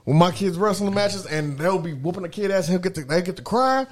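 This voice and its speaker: Excitable high-voiced man, lively delivery. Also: fast. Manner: excitable, acts out loud profane outbursts. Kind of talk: casual chat.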